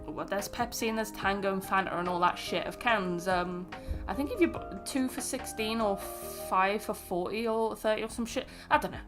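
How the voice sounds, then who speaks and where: A woman's voice: medium pitch, normal speed, music in the background. A young woman from England, telling sweary, rambling travel stories in casual chat on a stream. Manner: chatty, sweary storytelling.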